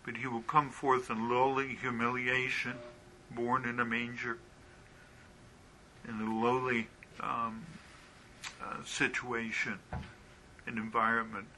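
Male Bible teacher, unhurried, halting delivery, very bright and forceful tone. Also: medium pitch, level tone, slight background noise, low-quality recording. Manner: halting with frequent ums, asks rhetorical questions.

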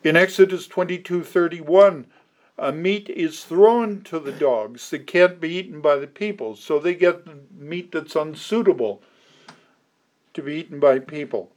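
A man preaching an expository sermon, slow and deliberate, with emphatic stresses and occasional restarts. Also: fairly high pitch, a little mellow.

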